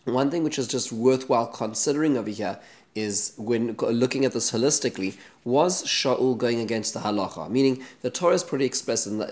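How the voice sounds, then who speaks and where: A man's voice: mid-range voice, darkish tone. A man teaching a Torah study lesson, retelling a Bible story in a conversational way with Hebrew terms and frequent restarts.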